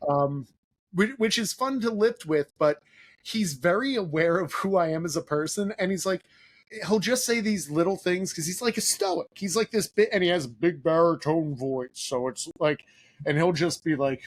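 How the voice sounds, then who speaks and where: Casual male podcast host, higher voice. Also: moderate pace. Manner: casual, conversational, some fillers. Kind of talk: podcast interview.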